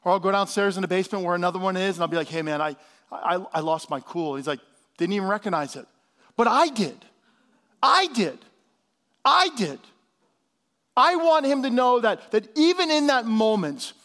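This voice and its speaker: A man in his fifties preaching a sermon in a fairly high voice. He talks to his congregation like they're friends, calls out for an amen, and sometimes sinks to a near whisper for emphasis. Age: 50s. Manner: animated preaching, drops to soft hushed tones for emphasis. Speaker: pastor.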